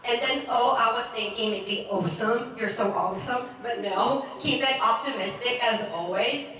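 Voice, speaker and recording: A woman's voice: fairly high pitch, normal speed, fairly bright tone. A woman giving an earnest, emotional toast at a party. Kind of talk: heartfelt speech. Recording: echoey room from far off.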